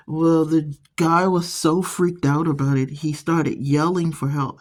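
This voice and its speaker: A woman's voice: sits low, fairly even intonation, measured pace, hardly any pauses. Chatty woman telling stories with restarts. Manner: rambling storyteller with frequent restarts. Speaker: art channel host. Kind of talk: casual encouraging talk while painting.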